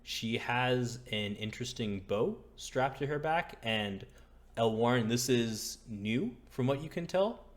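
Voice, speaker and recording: A man's voice: medium pitch, expressive, unhurried. A man narrating as game master in a casual, hesitant way with many fillers.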